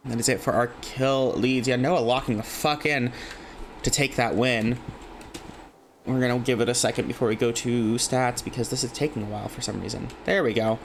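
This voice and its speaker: A man's voice: mid-range voice, fairly even intonation, normal speed, gravelly, slight background noise. A man casting a live online game tournament from his home desk, calling kills and standings in a casual, chatty way with frequent swearing. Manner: casual, swearing, chatty asides between play calls. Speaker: esports caster.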